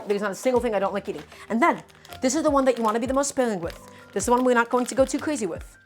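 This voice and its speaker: A woman's voice: fairly high pitch, darkish tone. A woman streaming a live cooking demonstration, talking animatedly to viewers as her friends and repeating her points with emphasis. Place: home kitchen.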